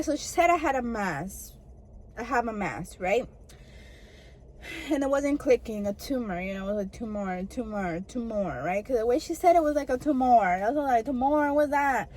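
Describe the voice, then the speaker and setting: A woman's voice: a little high, expressive, moderate pace, darkish tone, a little hiss or hum, low-quality recording. Chatty young woman telling a storytime. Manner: chatty, lots of "like" and "girl" fillers. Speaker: vlogger. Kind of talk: casual storytime chat to camera.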